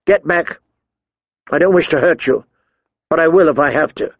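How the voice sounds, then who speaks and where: A man's voice: fairly high pitch, normal speed, gravelly, husky, dry recording, narrow, tinny audio, voice pushed up. A man voicing a brooding, determined young male recruit who speaks earnestly and defiantly.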